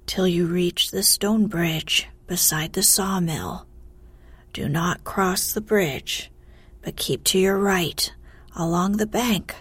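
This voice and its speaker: A woman doing a slow, hoarse old mountain spirit. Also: on the low side, no echo, full character voice. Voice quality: hoarse, grating. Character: ancient hoarse male mountain spirit guarding treasure.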